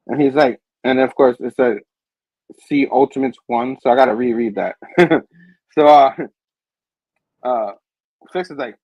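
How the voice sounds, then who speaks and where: A man hosting a casual comic book review, reading the dialogue aloud in an animated way and laughing often. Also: medium pitch, moderate pace, long pauses, no echo, lo-fi sound. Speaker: host.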